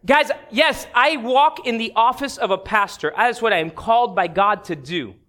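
A man's voice: high voice, animated, normal speed, bright, forceful tone. A pastor preaching a sermon, telling a personal story with candid humor and speaking directly to his congregation. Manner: direct, talks straight to the congregation.

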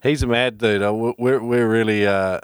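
A man's voice: medium pitch, fairly even intonation, moderate pace, smooth, no room sound. Upbeat guy hosting a podcast, dead dry sound, keeps it moving. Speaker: podcast host. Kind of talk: casual interview chat.

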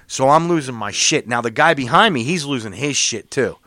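A man telling a long, profane driving story in casual chat, quoting other drivers in a louder, higher voice. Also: animated, a little fast, no room sound, studio quality. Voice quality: gets loud and high when quoting other drivers.

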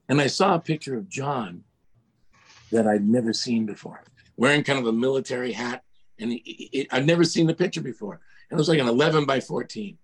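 Husky older man telling animated stories. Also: mid-range voice. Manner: animated storyteller, mimics voices, laughs at himself. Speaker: guest, music producer. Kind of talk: casual storytelling interview.

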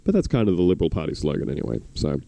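A man's voice: a bass voice, wildly swooping pitch, racing, vocal fry, dark tone, no room sound. An Australian man hosting a podcast, talking in a sardonic, rambling way with many restarts. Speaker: podcast host. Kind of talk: casual chat.

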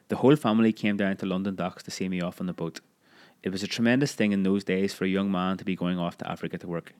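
A man narrating a memoir audiobook in a measured, expressive storytelling manner. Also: low-pitched.

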